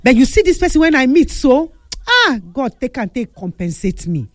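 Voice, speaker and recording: A woman's voice: high voice, sing-song, moderate pace, dry recording. A Nigerian woman, a studio guest, giving advice on a radio show and acting out the people in her stories. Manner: storytelling, acts out quoted people, preachy.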